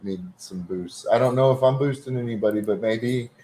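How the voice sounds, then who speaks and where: A man with a Texan accent hosting a casual stream chat, rambling with many pauses. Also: medium pitch, warm tone, slight background noise. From Texas. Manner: rambling, hesitant with fillers. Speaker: stream host.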